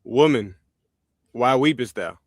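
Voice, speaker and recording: A man's voice: medium pitch, slow pace, no echo. Man reading scripture aloud, dry close sound. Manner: steady, plain reading of old-style wording. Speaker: scripture reader. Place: online video call.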